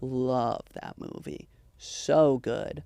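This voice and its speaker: A man's voice: medium pitch, wildly swooping pitch, very slow, vocal fry, warm tone, no room sound, studio quality. A young man, a podcast guest, chatting casually and telling rambling stories with many likes and ums. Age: young adult. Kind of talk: casual chat.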